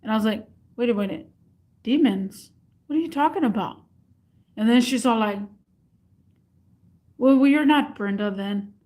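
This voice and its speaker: Lively young woman telling a story. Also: a little high, normal speed, long pauses. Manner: animated, acts out both sides of a phone call. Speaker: vlogger. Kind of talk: casual storytelling to camera.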